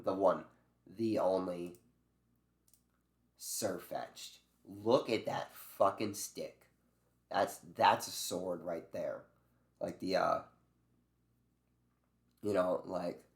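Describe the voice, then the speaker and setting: A man chatting casually as a video creator, rambling loosely with swearing, many fillers and restarts. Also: low voice. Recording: echoey room.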